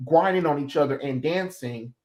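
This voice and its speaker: A man's voice: a little high, moderate pace, a little mellow. A man hosting a livestream chat, ranting in a heated, blunt way with some profanity. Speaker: stream host. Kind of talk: casual chat.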